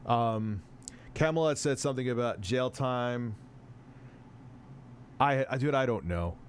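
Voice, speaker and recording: A male streamer talks loosely through his reactions, full of false starts, tangents and casual profanity. His voice sits at an ordinary middle pitch, with a faint hiss behind it. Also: lively intonation, unhurried. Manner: rambling, profane, self-interrupting. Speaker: host. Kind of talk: casual livestream commentary.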